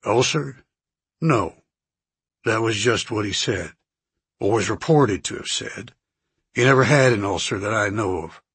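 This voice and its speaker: A guarded, wary country doctor speaks in a deep, unhurried drawl, voiced by a man reading an audiobook. The voice is husky and raspy. The recording is close and dry, with no room sound. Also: a bit bright, no echo, exaggerated voice. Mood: grudging. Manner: slow, stubborn, guarded. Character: drawling, suspicious older male country doctor.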